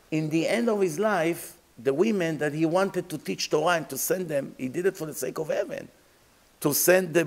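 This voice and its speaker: A man's voice: on the high side, creaky, rough recording. A man, a rabbi giving a Torah lecture, emphatic and full of rhetorical questions, acting out imagined dialogues.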